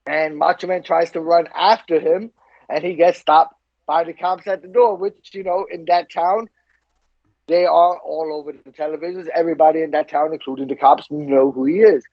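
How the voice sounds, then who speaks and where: A man co-hosting a podcast, telling a story in an animated way and laughing often. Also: a little high, moderate pace, no echo, highs cut off. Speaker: podcast co-host. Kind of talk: casual chat.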